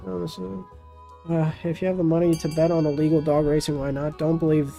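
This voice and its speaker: A man hosting a live stream, talking casually to his viewers and calling out bids in a quick auctioneer patter. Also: fairly high pitch, mellow. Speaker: streamer hosting a game with chat.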